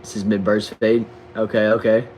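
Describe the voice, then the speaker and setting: A man's voice: fairly low pitch, level tone, normal speed, darkish tone, a little hiss or hum, poor audio. A young man with a Southern accent from Texas, casually reading viewers' comments on a livestream in a slangy, laid-back way, often stumbling over and repeating words. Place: back shed.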